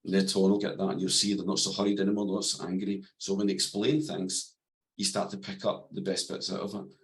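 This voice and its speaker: Calm plain-spoken man, lowish voice. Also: fast talker, poor audio. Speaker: guest, NLP coach and therapist. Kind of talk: podcast interview, explaining and storytelling.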